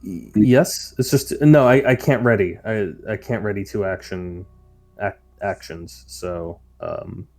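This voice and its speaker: A man's voice: on the low side, measured pace, darkish tone, faint music behind. A man playing a tabletop game, explaining his turn with hesitant, stammering speech. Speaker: player.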